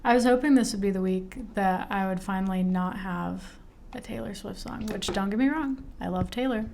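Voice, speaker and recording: A woman in her twenties, a grad student co-hosting a podcast, talking in a chatty, relaxed way with frequent laughs and filler words. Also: medium pitch, moderate pace, creaky. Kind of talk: casual chat.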